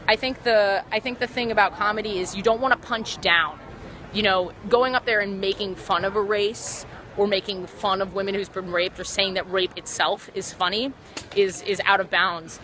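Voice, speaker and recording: A young woman stand-up comedian livestreams from a city street on a phone she holds up, chatting casually. Her medium-pitched voice moves at normal speed with a sharp tone, rambling with lots of ums and self-corrections over faint traffic.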